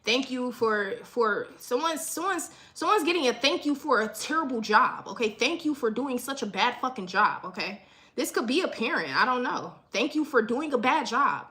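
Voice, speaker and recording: A woman's voice: on the high side, lively intonation, normal speed, bright, forceful tone. Profane woman doing a casual live reading. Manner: repetitive, keeps asking "okay?", profane. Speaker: livestream tarot reader.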